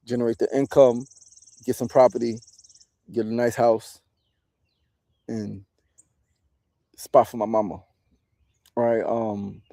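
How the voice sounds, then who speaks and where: A man in his forties with a gravelly, creaky edge to his voice. His tone is deep and mellow, and he talks in a candid, reflective way, swearing freely and checking in with "right?" as he goes. The sound is close and dry. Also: flat delivery, slow pace, pauses often, no echo. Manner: candid, profane, often tags lines with "right?". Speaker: podcast host and meditation teacher. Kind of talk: reflective casual monologue.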